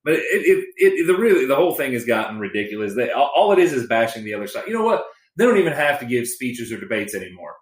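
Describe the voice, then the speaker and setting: Texan male podcast co-host, fired-up profane rant, mid-pitch voice, roomy echo. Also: quick pace. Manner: animated, profane, many restarts. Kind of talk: casual political rant.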